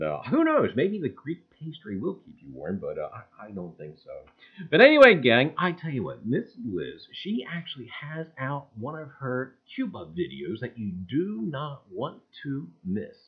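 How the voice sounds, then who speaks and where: A man's voice: mid-range voice, breathy edge. Folksy man hosting a lo-fi livestream. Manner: greets viewers by name in bursts, loud and sing-song; folksy, repeats "gang, I tell you". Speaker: livestream host. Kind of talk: casual livestream chat. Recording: dull lo-fi stream audio.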